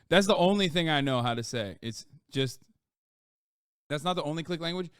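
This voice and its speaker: Smooth-voiced male streamer, cursing and rambling. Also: animated, moderate pace, dry recording, clean studio sound. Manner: profane, rambling, with sudden loud jumps in pitch. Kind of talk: casual live-stream chat.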